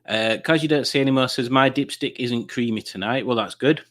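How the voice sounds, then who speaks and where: Man, live-stream quiz host, mid-pitched voice, rambling jokey chat reading comments into a desk mic. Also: a little fast, fairly bright tone. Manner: jokey, rambling, chuckling at puns.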